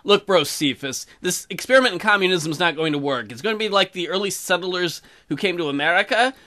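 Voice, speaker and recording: A man's voice: sits high, a little fast. Sarcastic young man doing game commentary. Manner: sarcastic, crude, deadpan asides. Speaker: let's play host. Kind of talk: crude comedic game commentary.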